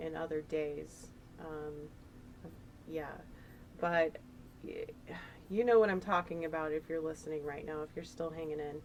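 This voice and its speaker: A woman's voice: deep voice, steady tone, a little slow, a little mellow, a little hiss or hum, rough recording. A woman giving a casual, chatty tarot reading, rambling and emotional as she talks through the cards. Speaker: tarot reader.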